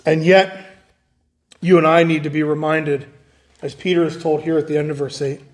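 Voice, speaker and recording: High-voiced man preaching a sermon. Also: flat delivery, a little slow, pauses often. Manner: conversational, acts out quoted voices. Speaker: pastor.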